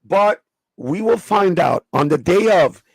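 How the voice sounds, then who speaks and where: A man's voice: high-pitched, lively intonation, slow pace, vocal fry, slightly rough, no echo. A man with a New York accent hosting a casual sneaker livestream, swearing freely and talking with viewers in the chat. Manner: profane, streetwise, chatting with live viewers.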